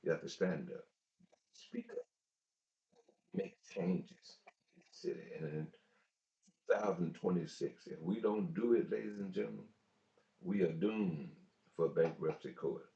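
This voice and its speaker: Deep gravelly man on a talk show. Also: a little slow, long pauses, dark tone. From United States. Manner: preachy, repeats points for emphasis. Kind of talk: political commentary monologue. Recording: dull echoey room recording.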